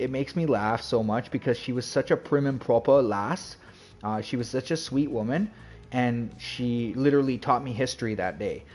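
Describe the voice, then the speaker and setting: A man with a medium-pitched, darkish voice rambles through casual chat on his game livestream. He greets viewers and keeps saying "like" and "you know."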